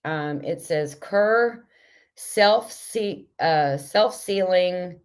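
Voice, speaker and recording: A woman with a low voice hosts a relaxed livestream chat from her home. She speaks slowly and warmly to her viewers, reads their comments aloud, and gushes over the vintage jars she is showing. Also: clean tone. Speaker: livestream host.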